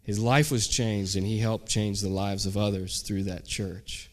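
A man's voice: on the low side, measured pace. A man, a pastor, telling a story during a sermon and acting out the people in it. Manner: animated storyteller, acts out shouted quotes.

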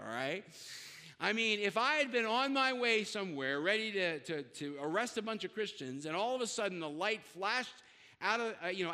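A man's voice: sits high, pushed and bright, in a large hall. A male pastor preaching a sermon in a conversational way, with self-deprecating asides.

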